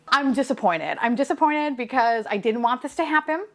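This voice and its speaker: A young woman talks through an unboxing in a casual, chatty way. Her voice sits a little high and swings widely in pitch. She laughs often, gushes over each figure and swears freely. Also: lively intonation, moderate pace, a bit bright. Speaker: vlogger unboxing blind boxes.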